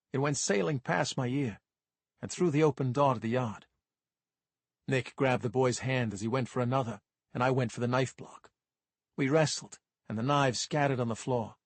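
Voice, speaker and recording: A man's voice: medium pitch, breathy edge, no echo. A man narrating a first-person crime audiobook in a dry, wry manner.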